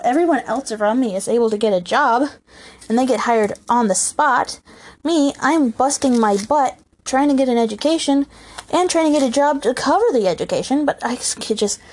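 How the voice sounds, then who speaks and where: This youthful, girlish-sounding young adult woman talks at normal speed, her fairly high voice expressive yet darkish in tone. She's hosting her own podcast from home, rambling through a casual solo chat and laughing often.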